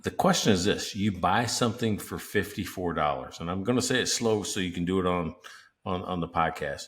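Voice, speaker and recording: A man's voice: sits low, animated, fairly quick. A man co-hosting a business podcast, talking emphatically and walking through pricing examples like a seminar teacher. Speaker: podcast co-host. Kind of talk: casual podcast chat.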